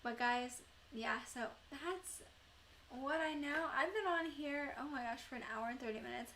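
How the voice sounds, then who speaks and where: A woman's voice: high-pitched, normal speed, sharp tone, slight background noise. A young woman chatting casually with viewers on her live stream, rambling with lots of fillers.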